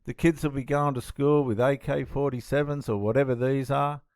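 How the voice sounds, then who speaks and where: A man's voice: medium pitch, steady tone, normal speed, a little mellow, dry recording. Aussie guy fired up commenting on a clip, dry close sound, keeps repeating himself. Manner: indignant, emphatic, repeats himself. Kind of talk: reaction commentary.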